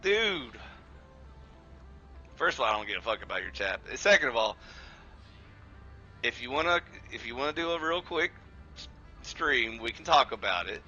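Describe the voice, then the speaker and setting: A man's voice: mid-range voice, big pitch swings, normal speed, pauses often, sharp tone, dull audio, faint music behind. A man chatting casually during a gaming live stream, sarcastic and rambling, with plenty of swearing. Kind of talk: casual live-stream chat over gameplay.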